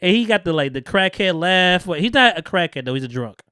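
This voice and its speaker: Laughing often and swearing freely, a man on his podcast animatedly walks through a TV episode in casual conversation. His voice sits high, expressive, smooth, pushed and bright, moving a little fast. The clean studio sound has no echo.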